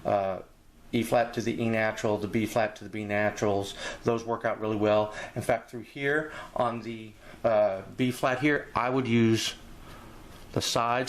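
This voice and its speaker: A man teaching a jazz etude in a relaxed, rambling way, walking through the music and scatting phrases aloud. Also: on the low side. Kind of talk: casual instructional walkthrough.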